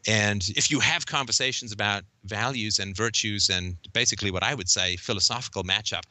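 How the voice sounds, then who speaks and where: Male guest, articulate and teasing, rapid delivery, bright forceful tone. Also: lowish voice, dry recording. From Canada. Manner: wry, joking, articulate. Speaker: guest podcaster. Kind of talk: casual interview chat.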